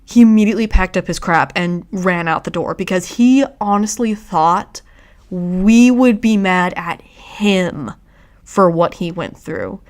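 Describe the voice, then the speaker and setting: A woman hosting a casual livestream, talking in a halting, reflective way with frequent restarts. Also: fairly low pitch. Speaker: streamer host.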